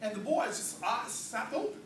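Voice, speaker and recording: High-voiced man giving a rousing church speech. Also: sing-song, normal speed, background noise. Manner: preacherly, playful, call and response with crowd. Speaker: political speaker. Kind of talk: rousing speech with humorous storytelling. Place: church hall, indoors. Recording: echoey hall, distant mic, crowd.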